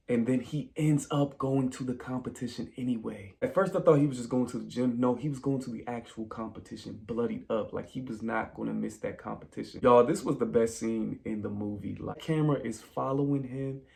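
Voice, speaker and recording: Gravelly man recapping a movie. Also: mid-range voice, brisk. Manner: animated storyteller, addresses viewers as "y'all". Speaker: movie reviewer. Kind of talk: casual spoiler movie review recap.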